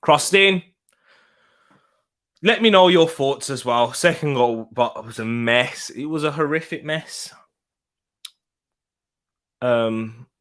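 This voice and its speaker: A man's voice: medium pitch, fairly bright tone. A man hosting a live football watch-along, talking in an exasperated, rambling way and repeating himself.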